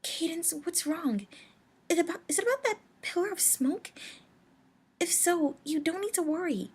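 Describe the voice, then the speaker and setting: A woman with a cold voicing an earnest, anxious young female alicorn pony in a storybook reading, her voice raspy. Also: very high voice, lively intonation, normal speed, pitched above the performer's own voice. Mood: reassuring. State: sick with a cold.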